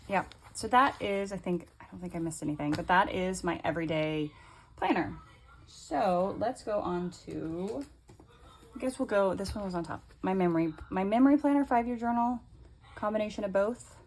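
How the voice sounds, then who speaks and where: Chatty woman with a gravelly low voice. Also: slight background noise. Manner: chatty, rambling with fillers and restarts. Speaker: planner vlogger. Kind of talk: casual planner flip-through. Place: home.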